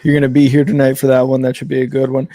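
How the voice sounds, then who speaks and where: A man co-hosts a live game watch-along, chatting casually and calling plays as they happen, rambling with lots of fillers and self-corrections. His mid-range, warm voice is completely flat and very fast, recorded dry.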